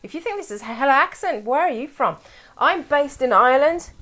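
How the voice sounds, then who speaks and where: A woman's voice: high-pitched, lively intonation, brisk, pushed and bright. A woman from England chatting casually on a live stream from home, rambling and reading chat aloud.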